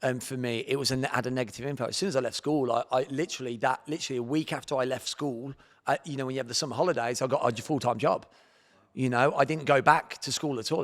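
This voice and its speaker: On a storytelling podcast, a martial arts champion in his forties with an English accent recounts his story at a medium pitch, breaking into animated bursts of feeling. He acts out his own past thoughts, and a long hall reverb surrounds his voice.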